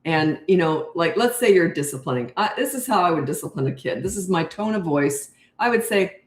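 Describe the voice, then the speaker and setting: The room echoes as an older woman, a coach for parents, fields viewer questions live. Her delivery is low, slow, calm, and unhurried.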